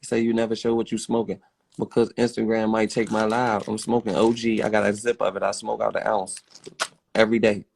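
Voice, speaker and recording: A man's voice: lowish voice, little pitch movement, fairly quick, gravelly, darkish tone. Blunt Baltimore man ranting. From Baltimore, USA. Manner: blunt, profane, emphatic. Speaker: livestreamer. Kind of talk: ranting livestream talk.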